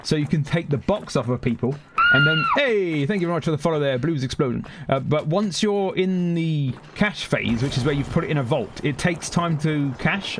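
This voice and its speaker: A man's voice: on the high side, a little hiss or hum. A young man with a London accent chatting casually while streaming gameplay, rambling and breaking off to react to the game. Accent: London English. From Britain. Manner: rambling, self-interrupting, reacting to the game mid-sentence. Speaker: gaming streamer. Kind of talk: casual live-stream chat over gameplay.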